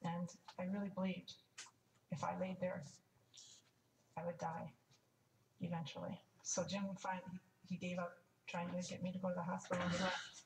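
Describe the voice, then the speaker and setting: A woman's voice: lowish voice, completely flat delivery, moderate pace, long pauses, background noise. An older woman telling a personal story in a frank, wry way, stopping to restart and add asides. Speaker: testimony speaker. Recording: echoey room, mic at a distance, faint ambience.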